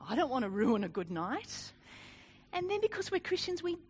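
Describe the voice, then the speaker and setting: A woman gives a sermon built around a personal story. Her voice sits high and moves all over the place as she talks. She is animated, pokes fun at herself and laughs easily. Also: moderate pace, slight background noise. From Australia. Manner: animated, self-deprecating, laughs often. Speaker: speaker.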